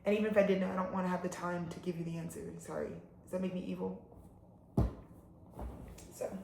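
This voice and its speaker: A woman's voice: on the low side, fairly even intonation, brisk, vocal fry, reverberant, very noisy. Swearing, rambling tarot reader woman. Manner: rambling, blunt, swears freely. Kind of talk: casual astrology reading.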